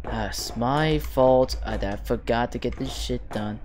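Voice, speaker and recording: A man's voice: mid-range voice, a little slow. Grumbling, swearing young man gaming. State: angry. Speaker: gaming channel host. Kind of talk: gameplay commentary.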